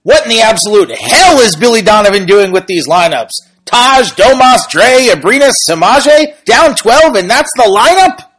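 A man reading out a complaint as an angry male fan, loud and exasperated. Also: very high voice, animated, normal speed, hardly any pauses, voice pushed up, full character voice, rough recording.

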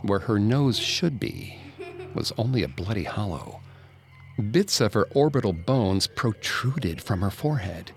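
Low-voiced man narrating a ghost story. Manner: dramatic, hushed at tense moments.

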